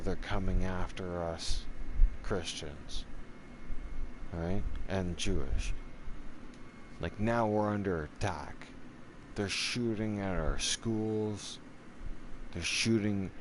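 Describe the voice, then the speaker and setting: Low-voiced, slow, heated man. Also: slight background noise. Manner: heated, profane, riled-up ranting. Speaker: gaming streamer. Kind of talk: unscripted streamer rant.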